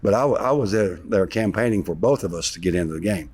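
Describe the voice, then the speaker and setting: A man being interviewed, retelling an old story in a rambling, animated way with some sarcasm. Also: lowish voice, quick pace, slightly rough. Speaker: interview guest, former basketball player.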